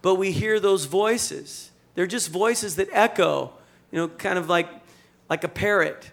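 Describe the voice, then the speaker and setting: Animated, joking male preacher. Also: high voice, a little slow, creaky. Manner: conversational, animated preaching with jokes and rhetorical questions. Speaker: pastor. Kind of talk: sermon.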